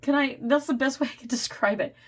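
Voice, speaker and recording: Chatty woman tarot reader, higher voice. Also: fast. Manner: laughs often while describing, animated and chatty. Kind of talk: casual spoken tarot reading.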